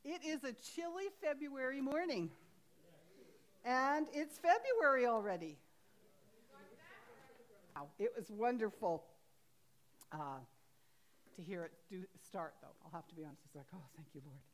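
A woman's voice: on the high side, animated, unhurried, long pauses. A woman pastor preaching a sermon in a homely, chatty way, laughing at herself now and then. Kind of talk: sermon with storytelling.

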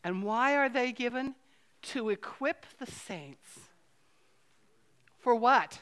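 A middle-aged woman pastor preaching a sermon in a church, earnest and conversational with playful asides and slowed-down emphasis. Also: on the high side, expressive, fairly bright tone, smooth. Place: church sanctuary, filmed. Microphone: filmed on camera.

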